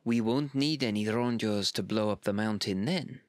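A man's voice: lowish voice, moderate pace, dry recording, clean studio sound, lightly acted. A man voicing an exasperated, indignant male civil servant who rants about stubborn negotiators. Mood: worried. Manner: ranting, emphatic complaints.

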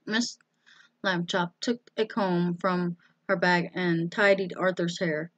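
A woman reading a children's storybook aloud, slowly and carefully. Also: fairly low pitch, fairly even intonation, a bit bright, dry recording, lo-fi sound. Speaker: storybook reader.

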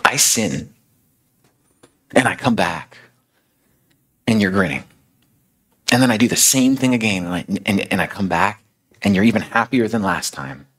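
A man's voice: on the low side, animated, normal speed, pauses often, a bit bright, pitched above the performer's own voice. A man voicing a young woman who has fallen back into sin and is baffled and desperate. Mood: exasperated. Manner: pleading, exasperated questioning.

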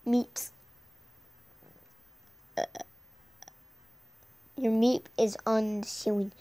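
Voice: medium pitch, flat delivery, very slow, dark tone. A gaming channel host giving playful, casual commentary while playing a game, repeating words and joking with guests.

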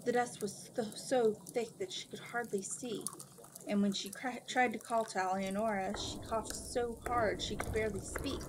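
A woman reading a novel aloud at a steady pace, now and then stumbling over a word and correcting herself. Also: on the high side, normal speed, noisy background. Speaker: book reader.

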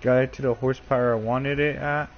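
A man giving calm, matter-of-fact commentary while playing a game. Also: mid-range voice, a little fast, faint music behind. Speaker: gamer. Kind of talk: casual gaming commentary. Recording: slightly dull lo-fi audio.

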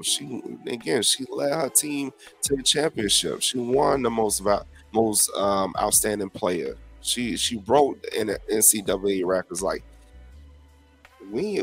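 A man hosting his own podcast, talking in a blunt, profane, animated rant to his listeners. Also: medium pitch, normal speed, gravelly, husky, soft background music. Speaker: podcast host. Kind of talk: casual solo commentary.

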